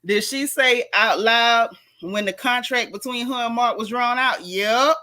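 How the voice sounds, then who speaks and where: A woman from Florida, hosting a casual livestream and talking fast and sassily to her viewers. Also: on the high side, pushed and bright. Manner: fast, sassy, talks straight to viewers. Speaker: livestream host.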